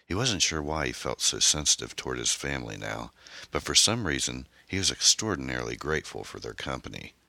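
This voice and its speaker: A man reading his own novel aloud as an audiobook, in an unhurried, measured way. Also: a bass voice, big pitch swings, creaky, sharp tone, no echo. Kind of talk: scripted audiobook narration.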